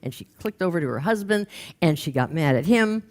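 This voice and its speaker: An older woman, a career coach, telling a story to an audience with humor and lively acted-out quotes. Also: on the low side, fairly quick. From United States. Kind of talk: storytelling talk.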